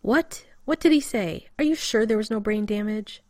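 A woman voicing a petulant, sharp-tongued male scientist who snaps in loud, high outbursts. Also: expressive, brisk, dry recording. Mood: indignant. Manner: shrill, indignant outbursts.

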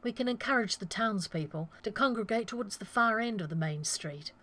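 A woman reading a wry, formal gentleman outlaw. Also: mid-range voice, expressive, a little fast, pitched above the performer's own voice.

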